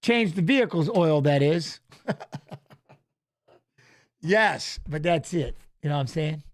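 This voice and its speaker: A man's voice: a little high, lively intonation, slow pace. A man hosting a live fight watch-along in a loose, rambling chat, reading out fighter stats and talking to viewers. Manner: frequent "you know what I mean" tag.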